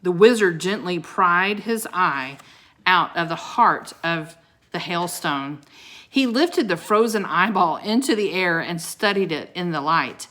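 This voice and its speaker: A woman reading a children's chapter book aloud, dramatic and expressive. Her voice sits on the lower side and she reads very slowly, letting each line land. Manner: dramatic, pausing to show pictures. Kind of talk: expressive read-aloud storytelling.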